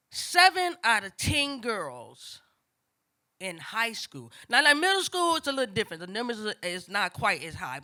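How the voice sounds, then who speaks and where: An older woman with telling a family story on stage, conversational and acting out voices of her relatives. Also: on the high side. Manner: animated, acts out family voices, casual and conversational. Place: stage before a live audience.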